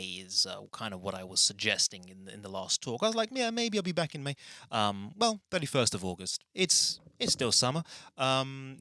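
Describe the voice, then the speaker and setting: Bright, rambling man hosting a podcast. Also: lowish voice, no room sound, studio quality. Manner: rambling, self-mocking, animated. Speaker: podcast host. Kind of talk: casual solo podcast intro. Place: small bedroom studio.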